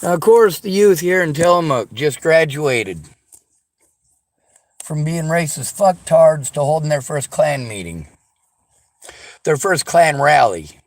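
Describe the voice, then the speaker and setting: A man's voice: a little high, lively intonation, a little slow, long pauses, no room sound. A man delivering a sarcastic, profanity-laced rant straight to his audience. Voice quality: sarcastic, combative. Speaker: vlogger. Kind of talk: angry profane rant to camera.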